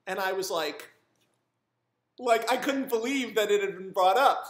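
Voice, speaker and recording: High-voiced man rambling through a story. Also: a little slow. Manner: animated, rambling, profane. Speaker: screenwriter. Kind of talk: casual storytelling monologue. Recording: roomy echo.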